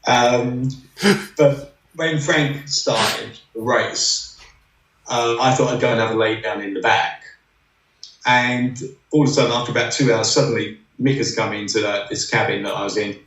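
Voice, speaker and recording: A middle-aged former racing driver, guesting on a podcast, spins rambling racing stories peppered with "you know." His mid-range voice is steady and fairly bright, moving at a moderate pace. The room sounds roomy, and he sits distant from the mic.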